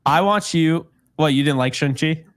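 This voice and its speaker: A man's voice: on the high side, normal speed, dry recording, clean studio sound. A man co-hosting a casual podcast, joking and rambling, laughing often. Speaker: podcast co-host. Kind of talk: casual chat.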